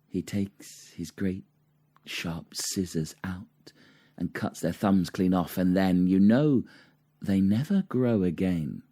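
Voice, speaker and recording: A man reading aloud and voicing a stern mother who quietly warns her small son. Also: sits low, slightly rough, exaggerated voice. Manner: hushed, ominous warning.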